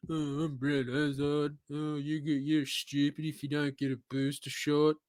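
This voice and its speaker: A man's voice: a little high, flat delivery, unhurried, darkish tone, no echo, pitched below the performer's own voice, lightly acted. A man mocking a cranky old male health minister, in a whiny, droning voice.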